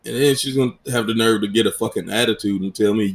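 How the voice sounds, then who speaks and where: A man's voice: lowish voice, fast talker, gravelly. A man in his thirties hosting a casual solo podcast, telling profane, joking family stories. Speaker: podcast host.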